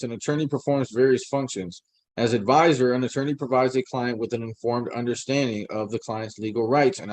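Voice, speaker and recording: A man co-hosting a discussion, reading rules aloud in a measured way and sometimes stumbling over words. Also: mid-range voice, darkish tone, no echo. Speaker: co-host.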